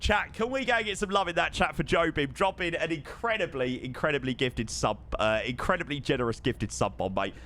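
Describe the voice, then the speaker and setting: A man streaming live over a flight simulator, effusive and excitable, thanking his chat again and again. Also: a little high, brisk, few pauses. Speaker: livestreamer.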